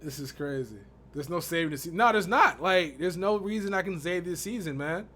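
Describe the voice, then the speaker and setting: Young male gaming YouTuber from Texas, casual and exasperated, bright and slightly high-pitched. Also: animated, fairly quick, slight background noise. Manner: exasperated, slangy, laughs often. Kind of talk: casual gameplay commentary.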